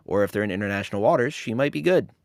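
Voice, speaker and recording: A man's voice: lowish voice, lively intonation, rapid-fire, creaky, dry recording, studio quality. A man hosting a podcast, giving a casual film commentary with sarcastic jokes. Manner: sarcastic, joking. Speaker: podcast host.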